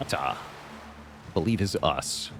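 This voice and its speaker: A man's voice: a bass voice, lively intonation, slow pace, music in the background. A man giving casual live-stream commentary on a game, chatty and thinking aloud as he plays.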